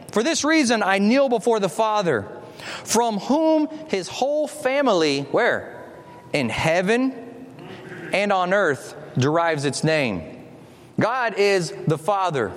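Male pastor, high-pitched and very animated, preaching in a church hall with long reverb. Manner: animated, stretches key words, shifts into reading scripture. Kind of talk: sermon.

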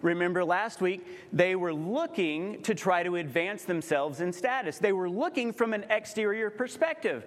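A man's voice: high-pitched, lively intonation, moderate pace, hardly any pauses. A man preaching a sermon in a conversational way, acting out quoted voices as he explains scripture. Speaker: pastor. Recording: long hall reverb.

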